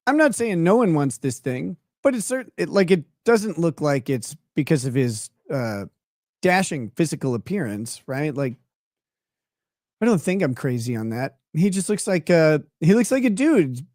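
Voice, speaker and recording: A man's voice: fairly high pitch, moderate pace, no echo, clean studio sound. A man giving sarcastic live commentary on a court trial as host of his stream. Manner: animated, sarcastic, mocking.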